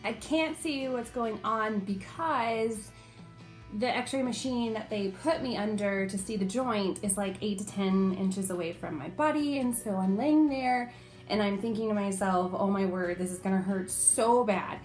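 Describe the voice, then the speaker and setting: A young woman vlogger telling a personal story in a casual, animated way, acting out the quotes as she goes. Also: mid-range voice, a little slow, soft background music.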